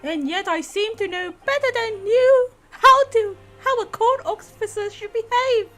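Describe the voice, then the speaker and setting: A woman voicing a bold, confident young male law student in a high, declaiming, chiding voice while reading a game aloud. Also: a little slow, a bit bright, soft background music. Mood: commanding.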